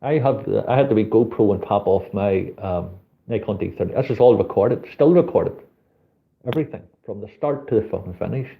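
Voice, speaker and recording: A man's voice: fairly low pitch, fairly quick, vocal fry. A middle-aged man with a Northern Irish accent, telling a street story in casual chat and swearing freely. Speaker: street photographer hosting a live chat. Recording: tinny phone-like audio.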